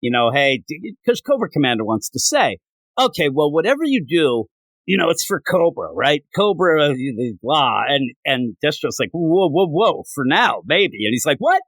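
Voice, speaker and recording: A man hosting a casual comic review, retelling scenes with quick character voices. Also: on the high side, sing-song, a bit bright, no room sound. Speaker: comic book podcast host.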